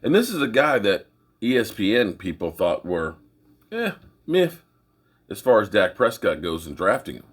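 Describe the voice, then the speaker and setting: A middle-aged man hosting his own sports channel, giving folksy, opinionated commentary in a rambling, casual way with a husky voice. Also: fairly low pitch, sing-song, normal speed, pauses often.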